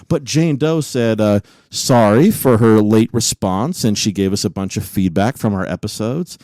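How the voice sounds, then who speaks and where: A man's voice: on the low side, moderate pace, mellow, no room sound, poor audio. A man co-hosting a podcast in casual chat, swearing often and getting heated as he rants. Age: adult with a son. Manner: profane, heated rant. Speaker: podcast co-host.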